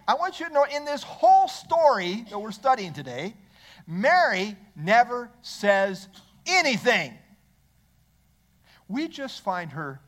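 A man's voice: high-pitched, fairly bright tone. A male pastor preaching a sermon in church, asking the congregation rhetorical questions.

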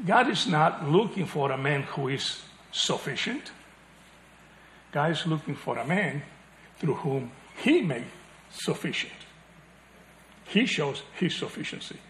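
A man preaching a sermon, animated, chuckling and acting out the voices he quotes, then dropping to a hush. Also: on the high side, roomy sound.

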